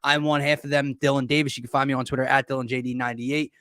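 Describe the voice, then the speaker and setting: A man co-hosting a live sports talk show, upbeat, hyping the big game with drawn-out emphasis. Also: medium pitch, flat delivery, a bit bright, dry recording, clean studio sound. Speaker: co-host of a sports podcast.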